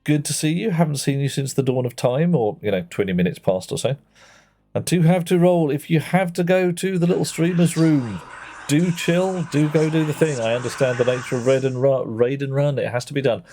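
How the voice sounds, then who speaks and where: A male streamer greets viewers by name and chats playfully with them as he plays a game live. His voice is a little high and dark in tone, and he talks fairly quickly.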